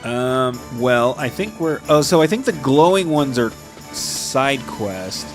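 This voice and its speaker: A man's voice: medium pitch, expressive, slow, faint music behind. A man with a stuffy nose giving rambling, casual commentary while playing a video game. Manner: rambling and casual, many fillers. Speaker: gamer playing on stream. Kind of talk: let's play commentary.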